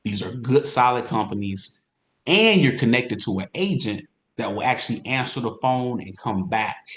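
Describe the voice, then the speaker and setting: An energetic man gives a sales training talk to insurance agents, coaching them and repeating his points for emphasis. His voice sits in a middle pitch. The recording has a roomy echo. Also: normal speed.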